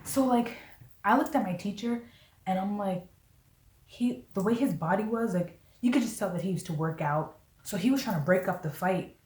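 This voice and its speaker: A woman vlogger casually telling a story, animated and laughing, acting out what people said. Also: mid-range voice, moderate pace, recorded from a distance. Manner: animated, laughing, acts out quotes with "I was like". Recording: roomy echo, voice away from mic.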